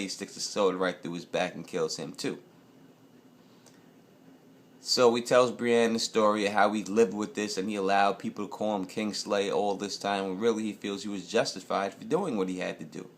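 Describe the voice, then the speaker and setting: An American man giving a loose, profane, rambling casual review of a TV episode. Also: on the low side. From United States. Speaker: TV show reviewer.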